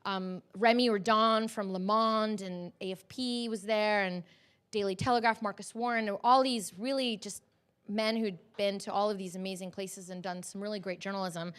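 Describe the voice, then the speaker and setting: Brief: woman, thirties, journalist, lively on-camera storyteller with a mid-range voice who laughs easily. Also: mid-range voice, normal speed, clean tone. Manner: animated, laughs often, acts out quoted people.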